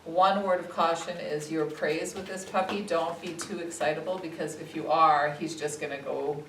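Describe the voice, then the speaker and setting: A woman puppy trainer calmly explaining training exercises to owners. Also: deep voice, normal speed. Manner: calm, steady instructive tone. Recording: echoey room, distant mic, faint noise.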